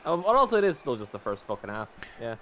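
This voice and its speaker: A man's voice: medium pitch, big pitch swings, fast, a bit bright, rough recording. A man bantering with friends during an online tabletop game, teasing the others and swearing casually. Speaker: player in a tabletop sports game. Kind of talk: casual chat while playing online.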